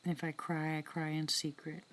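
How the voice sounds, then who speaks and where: A woman hosting a casual live-stream chat with viewers from outdoors in the woods at night. She talks softly into a phone, often slipping into whispers, chatty and heartfelt. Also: deep voice, flat delivery, normal speed. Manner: soft-spoken, drops into whispers, chatty and heartfelt.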